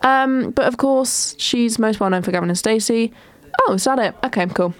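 A woman's voice: a little high, normal speed, no echo. Chatty young woman, dry sound. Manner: chatty, rambling, frequent ums and restarts. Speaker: podcast host. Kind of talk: casual solo chat.

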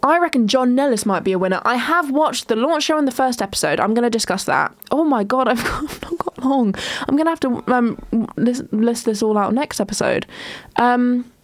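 A woman's voice: on the high side, lively intonation, a little fast, no echo. A young woman hosting a casual solo podcast, chatting in a rambling way with many ums and restarts. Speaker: podcast host.

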